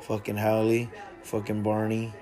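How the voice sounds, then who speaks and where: A man's voice: fairly low pitch, monotone, unhurried, music in the background. A man hosting a casual podcast chat, laid-back and slangy, swearing freely. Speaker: podcast host.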